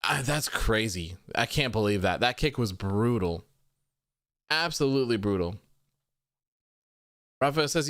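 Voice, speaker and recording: A man hosts a livestream in relaxed, casual chat. His voice is smooth and clear at a middle pitch, and the sound is dry and close. He reads out viewer comments and reacts offhandedly, swearing freely. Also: measured pace, pauses often, no room sound. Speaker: wrestling stream host.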